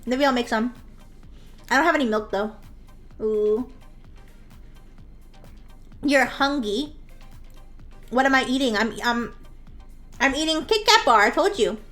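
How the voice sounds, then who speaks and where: Her voice is high, bright, and lively as she draws on stream, chatting unhurriedly with viewers and leaving long pauses over soft background music. She giggles a lot and now and then plays a bratty daughter for laughs.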